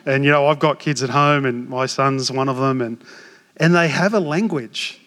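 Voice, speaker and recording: An Australian man in his forties, a pastor preaching a sermon with animated, self-mocking stories. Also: mid-range voice, moderate pace. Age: 40s. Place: church hall. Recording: long hall reverb.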